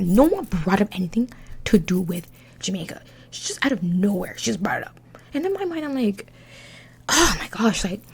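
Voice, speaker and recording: A young woman telling a dramatic storytime in a casual, animated way, swearing freely. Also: mid-range voice, creaky, husky. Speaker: vlogger.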